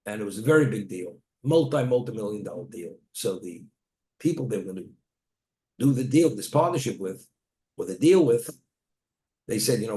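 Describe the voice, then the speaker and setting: A man's voice: fairly low pitch, animated, moderate pace, long pauses, a little mellow. A man, a rabbi, teaching a Torah class, telling stories and weaving in Hebrew terms. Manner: storytelling, Hebrew terms woven into plain talk. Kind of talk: Torah lecture. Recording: echoey room.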